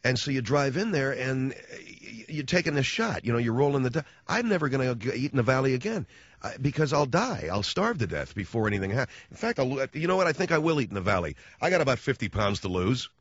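A man hosting a radio show spins a sarcastic, rambling anecdote, breaking off and restarting his sentences as the jokes come. His voice leaps up and down in pitch as he works himself up. The sound is dry and close, slightly muffled like lo-fi broadcast audio. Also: quick pace, breathy edge, dry recording. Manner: animated, sarcastic storytelling with frequent restarts. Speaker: radio host. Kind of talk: comic monologue rant.

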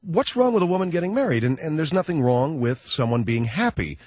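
A middle-aged male radio host with a high, husky voice rambles through a sarcastic comic monologue. His pitch swings widely, and the sound is dry and close on the mic. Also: very animated, a little fast, a little mellow, no room sound. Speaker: radio talk show host. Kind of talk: comedic talk radio monologue.

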